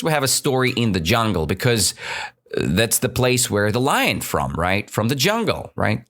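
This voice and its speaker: Slow, animated male English teacher. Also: medium pitch. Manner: slow, questioning, keeps checking understanding. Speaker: English teacher, podcast host. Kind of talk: explaining a story for English learners.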